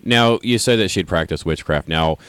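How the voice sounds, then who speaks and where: Deep-voiced male podcast host. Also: moderate pace, fairly bright tone, clean tone, dry recording, clean studio sound. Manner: rambling, hesitant questions with restarts. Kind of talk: casual interview.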